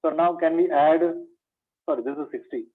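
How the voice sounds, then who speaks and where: Briskly, in a fairly high voice and Indian English accent, a maths teacher goes over exam revision in an online lecture with tinny, phone-like sound. He asks questions, then answers them, calling students "my dear".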